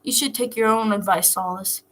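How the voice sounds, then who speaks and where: A moody, guarded teenage boy, voiced by a woman reading a story aloud, breathy and soft, pleading and defensive in turns, in an audiobook-style reading. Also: mid-range voice, steady tone, moderate pace, close to an everyday voice. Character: brooding troubled teen boy, defensive.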